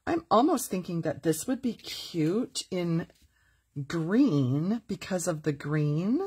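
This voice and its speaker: A woman with a lowish, airy voice runs a live crafting lesson. She is chatty and upbeat, explaining each step and stopping to read out viewers' comments. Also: lively intonation, slow pace, dark tone, husky. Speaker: crafting host. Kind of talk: live stamping tutorial.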